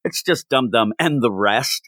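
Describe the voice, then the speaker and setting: A man's voice: mid-range voice, measured pace, no echo. A man co-hosting a podcast, chatting casually about comic books and acting out the characters' lines as he goes. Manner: animated, acts out quoted characters. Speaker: podcast co-host. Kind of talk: casual comic book review chat.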